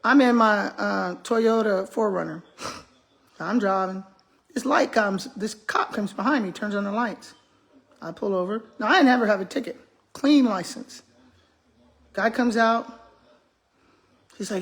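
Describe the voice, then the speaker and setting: A woman's voice: medium pitch, unhurried, gravelly, long pauses. A middle-aged retired school principal, a woman, chatting casually to her viewers and acting out the quotes in the stories she tells. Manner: animated, laughing storyteller acting out quotes. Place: home kitchen.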